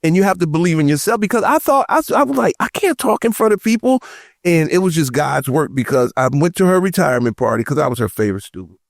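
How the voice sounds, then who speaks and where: A man on a podcast panel telling personal stories in casual chat, animated and acting out the voices of the people he quotes. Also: fairly high pitch, quick pace, gravelly, few pauses, dry recording, studio quality. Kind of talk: casual roundtable chat, storytelling.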